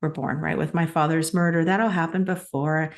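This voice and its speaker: Earnest middle-aged woman with a lowish voice. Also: fairly even intonation, brisk, creaky. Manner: earnest, emotional, reflective storytelling with frequent laughs. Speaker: podcast co-host. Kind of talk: personal storytelling in a conversational podcast.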